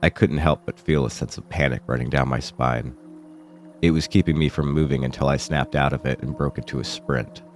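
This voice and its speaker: A man with a sick, rough-sounding voice, telling a first-person horror story in a low, somber way as a horror channel host. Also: fairly even intonation, a little fast, soft background music.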